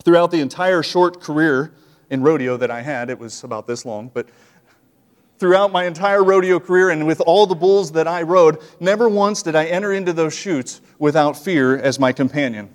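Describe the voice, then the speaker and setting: A middle-aged man delivers a sermon in a relaxed, folksy manner, tossing in frequent asides to his listeners. His voice sits a little higher than most men's. A long reverb trails each phrase, as in a large church hall. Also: moderate pace. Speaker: preacher.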